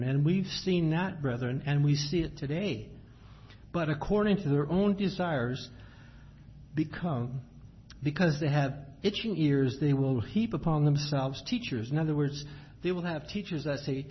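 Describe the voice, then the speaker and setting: With a fairly high pitch and lively intonation, a man preaches by reading scripture aloud in measured cadence. He follows each reading with a plain explanation, captured in dull, lo-fi sound with faint ambience.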